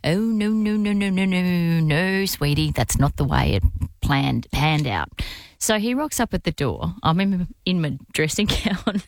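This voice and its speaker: Lively woman telling a story. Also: fairly low pitch, unhurried, few pauses, dry recording. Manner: animated, laughing storyteller. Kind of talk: casual chat, storytelling.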